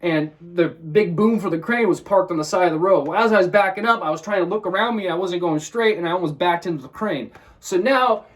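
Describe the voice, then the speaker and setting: A man from Washington State tells a personal story in a casual vlog, rushing through it with a lot of cursing. His voice sits high and the words pour out fast. He sounds a little way off from the microphone. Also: distant mic. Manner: fast, profane, animated retelling with quoted inner thoughts. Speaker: vlogger.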